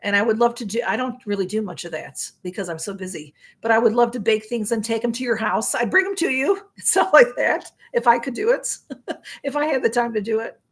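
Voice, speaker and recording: A middle-aged woman with a Chicago accent hosts a live stream in a casual, rambling chat, reading out viewer comments, her voice going a little hoarse. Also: a little high, brisk. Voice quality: rambling, chatty, with frequent fillers and restarts. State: voice getting hoarse.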